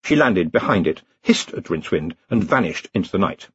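A man reading a novel aloud as an audiobook narrator, telling it in an expressive, dry comic way. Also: low voice, fairly quick, husky, dry recording, muffled recording. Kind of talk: scripted narration.

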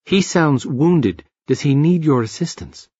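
A man voicing a strange, soft-spoken man who talks slowly and stiffly, like a robot. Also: a little high, expressive, husky, no room sound, highs cut off. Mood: puzzled. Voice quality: soft-voiced. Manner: slow, stilted, robotic delivery.

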